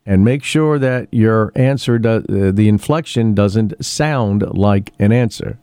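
A man's voice: lowish voice, unhurried, few pauses, mellow, clean tone, no room sound. A man hosting a casual local radio show, chatting in a rambling way with many fillers and restarts. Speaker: radio host. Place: radio studio.

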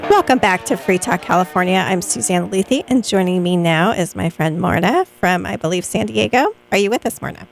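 Gravelly-voiced woman radio host. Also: fairly low pitch, faint music behind, poor audio. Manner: halting, restarts while framing questions. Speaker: radio talk show host. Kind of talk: casual interview.

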